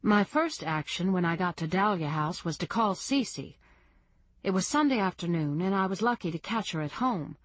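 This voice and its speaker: Low-voiced woman reading a story. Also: lively intonation, moderate pace, dry recording. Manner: reads in first person, lightly voicing characters. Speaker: audiobook narrator. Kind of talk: scripted narration.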